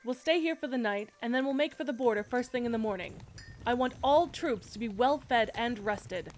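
A woman voicing a shy, war-weary female knight commander in an audio role-play, speaking hesitantly with soft fillers. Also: medium pitch, steady tone, normal speed, faint music behind, lightly acted. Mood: commanding.

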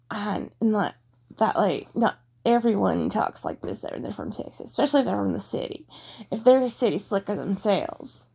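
A woman's voice: mid-range voice, vocal fry, dark tone, breathy edge. A woman chatting casually to listeners about fulfilling a role-play request, rambling and self-deprecating with many hesitations.

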